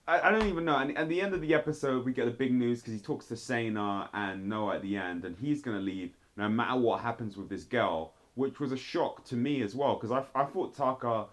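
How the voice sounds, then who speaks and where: A man giving blunt, animated commentary on a TV show, with sudden jumps in pitch as he talks straight at the people he reviews. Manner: blunt, addresses people directly. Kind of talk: casual commentary video.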